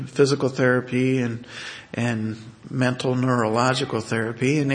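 A man telling a personal family story in a halting way, with many fillers and restarts. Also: medium pitch.

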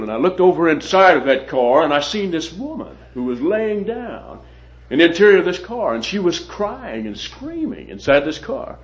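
A man preaching a sermon and telling a personal story, halting and often repeating his words. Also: fairly high pitch, sing-song. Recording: dull lo-fi recording.

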